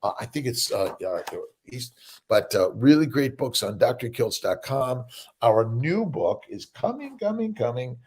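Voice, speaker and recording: A man's voice: medium pitch, sing-song, a little slow, a little mellow, slightly rough. An older man hosting a casual morning livestream, rambling and upbeat as he greets viewers by name, with many fillers and "right?"s. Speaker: livestream host.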